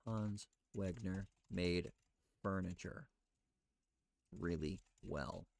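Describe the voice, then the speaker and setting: A man with a fairly low voice muses out loud while he searches for answers, asking himself questions and reading results back haltingly. The sound is dry and close, with no room to it. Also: gravelly, no room sound. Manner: muttering, self-questioning, reading aloud haltingly. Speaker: streamer researching live.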